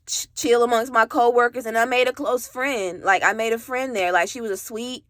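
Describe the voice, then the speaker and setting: A woman's voice: a little high, fairly even intonation, normal speed, a bit bright, dry recording. A young adult woman telling her own story in a rambling, candid way, full of "like" and casual swearing.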